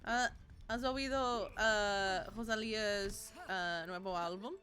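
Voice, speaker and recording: A woman's voice: mid-range voice, steady tone, takes it slowly, a bit bright, faint music behind. A young woman streaming a game, chatting playfully with viewers and slipping into Spanish. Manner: playful, giggly, switches into Spanish. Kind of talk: casual gaming stream chat.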